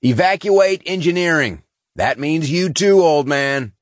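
A man voicing a stern male starship captain who barks gruff commands. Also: on the high side, lively intonation, measured pace, no room sound, clean studio sound, pitched above the performer's own voice. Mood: commanding.

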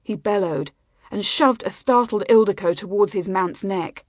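A woman narrates a fantasy audiobook in an even, measured way. Her pitch sits in the middle range, and the recording is dry and close to the mic with no room sound. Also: no echo. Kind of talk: scripted narration.

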